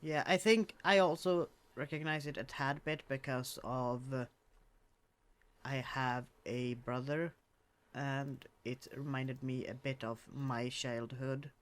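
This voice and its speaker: A man talks slowly through a casual podcast chat about a film, stopping and restarting his sentences as he goes. His pitch sits in an ordinary middle range. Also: fairly even intonation, a bit bright. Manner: hesitant, restarts phrases. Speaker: podcast co-host. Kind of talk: casual movie discussion.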